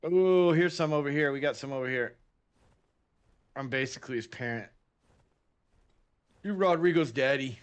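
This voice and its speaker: A man's voice: medium pitch, normal speed, pauses often, clear, resonant tone. Texan man chatting while gaming. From Texas. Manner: joking, muttering to himself while playing. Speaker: game streamer. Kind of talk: casual gameplay chat with chat.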